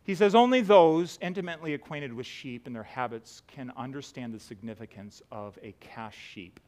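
A man preaching a sermon to a church congregation, swinging from loud pleading cries to quiet, earnest talk. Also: mid-range voice, moderate pace. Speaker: pastor. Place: church sanctuary.

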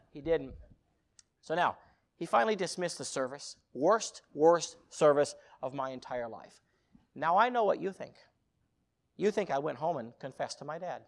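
A man's voice: a little high, animated, moderate pace. Man preaching a dramatic sermon story. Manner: dramatic, swings from loud bursts to hushed intimate tones.

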